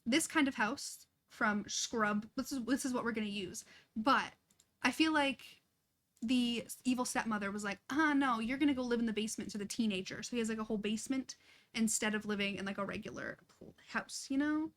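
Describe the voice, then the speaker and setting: A woman's voice: on the high side, moderate pace, fairly bright tone. A young woman chatting casually and laughing often as she streams a life-sim game, chatty and self-deprecating. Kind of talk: casual live-stream chat while playing.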